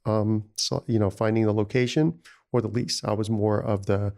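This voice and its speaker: A man's voice: fairly low pitch, fairly even intonation, normal speed, creaky, dark tone. A man, a restaurant founder telling stories in a casual interview, rambling with many "you know"s. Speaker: restaurant founder, podcast guest.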